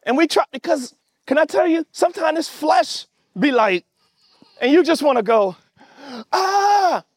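High-pitched guy preaching, emphatic, calls out to the crowd, dry close sound. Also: lively intonation, normal speed, no echo. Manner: emphatic, calls out to congregation, shouts at peaks. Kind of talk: sermon. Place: church service with online audience.

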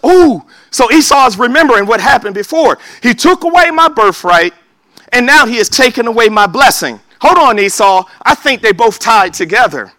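A man preaching a sermon, emphatic, calling for amens and sometimes shouting. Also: very high voice, very animated, moderate pace, no echo. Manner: emphatic, calls for amen, bursts of shouting.

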